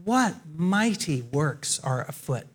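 A man's voice: on the high side, takes it slowly, husky. A pastor preaching a sermon, telling the stories vividly and speaking directly to his congregation. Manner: animated, expressive storytelling with acted quotes.

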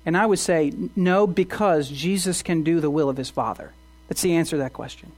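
A man's voice: a little high, brisk, darkish tone. A man preaching a sermon as pastor, earnest, asking the congregation rhetorical questions and often restarting his words.

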